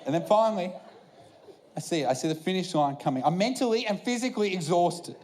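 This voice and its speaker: A man doing stand-up storytelling, animated and acting out the back-and-forth of a conversation. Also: high-pitched, fast talker. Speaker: stand-up comedian.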